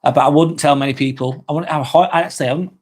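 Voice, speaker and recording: A man's voice: a little high, fairly even intonation, rapid-fire. A man hosting a live stream, reading viewers' comments aloud and chatting back in a casual, rambling way. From England.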